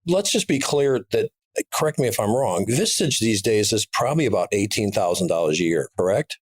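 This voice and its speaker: A man's voice: on the low side, animated, a little fast, slightly rough, no room sound, clean studio sound. A middle-aged man co-hosting a podcast, speaking bluntly and emphatically in a casual conversation. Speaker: podcast co-host, business owner.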